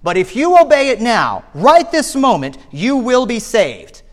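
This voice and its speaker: A man's voice: very high voice, huge pitch swings, measured pace, big-room sound, voice pushed up, heavily acted. A man doing a fervent rustic Essex preacher. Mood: pleading. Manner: plain, ungrammatical country speech. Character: thin uneducated male lay preacher, rustic and fervent.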